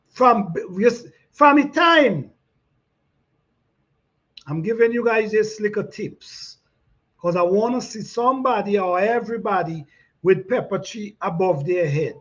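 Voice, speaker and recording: A man hosting a gardening chat, reading out comments in a relaxed way, repeating himself and laughing often. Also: very high voice. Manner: laid-back, repeats phrases, laughs often. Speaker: gardening channel host. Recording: dull lo-fi sound.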